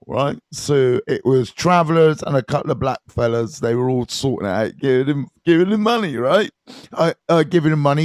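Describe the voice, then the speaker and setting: A man, a recovery mentor telling stories to viewers on a live stream, casual and animated, swearing freely and often checking in with his listeners. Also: fairly high pitch, no echo. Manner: animated, swears freely, keeps checking in with "right?" and "you know what I mean".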